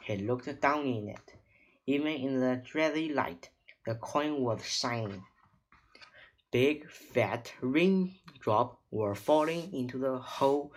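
A reader slowly reading a children's chapter book aloud, stumbling over words now and then. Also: medium pitch, rough recording. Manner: slow, halting reading with slips.

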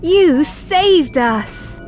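A woman voicing a friendly male alien space pilot in a children's storybook, bright and exclaiming. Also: a little high, expressive, extremely slow, faint music behind. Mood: admiring.

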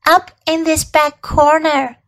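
A woman voicing a wise, kind female spider who speaks softly and slowly in a storybook reading. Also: sits high, little pitch movement, pitched above the performer's own voice, heavily acted, poor audio. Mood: gentle.

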